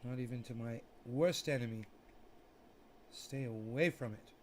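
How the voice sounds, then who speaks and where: A man's voice: medium pitch, measured pace. A man hosting a laid-back livestream in a mid-range voice, putting on a prim, proper English-sounding manner. He muses aloud theatrically and mocks himself, repeating his words with playful indignation. Faint noise hums underneath. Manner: affected, proper English-sounding persona delivery; theatrical, self-mocking, talks to himself while working. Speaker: livestream host. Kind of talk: casual livestream chat to viewers.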